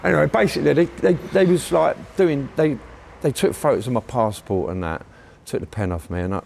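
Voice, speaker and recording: A man's voice: mid-range voice, fairly quick, creaky, a little mellow, a little hiss or hum. A man with a London accent, a guest on a casual podcast, telling rambling stories full of swearing and fillers. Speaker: guest graffiti writer.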